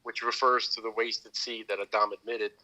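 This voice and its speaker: A man's voice: on the low side, little pitch movement, moderate pace, sharp tone, low-quality recording. A man hosting a podcast, talking through religious teachings in a loose, rambling way with many restarts. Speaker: podcast host. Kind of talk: casual religious discussion.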